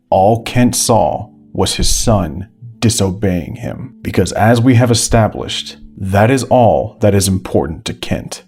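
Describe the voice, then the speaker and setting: A man reading scripted documentary narration in a measured, critical tone with deliberate pauses. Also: sits low, darkish tone. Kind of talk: scripted video-essay narration.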